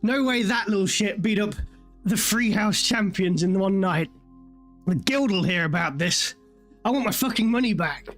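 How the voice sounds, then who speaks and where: A woman voicing a furious male gambler from the fighting pits, swearing fast and angry. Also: medium pitch, faint music behind, lightly acted.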